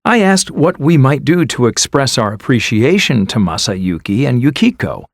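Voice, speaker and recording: A man's voice: medium pitch, big pitch swings, normal speed, gravelly, no room sound, studio quality. A man reading a scripted first-person story in a conversational storytelling way. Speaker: narrator.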